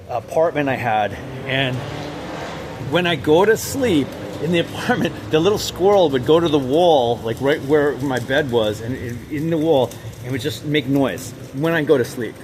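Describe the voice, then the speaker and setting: A man talking in an unscripted monologue, rambling and halting with many restarts and fillers, and speaking with intense emphasis. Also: medium pitch, background noise. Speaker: vlogger.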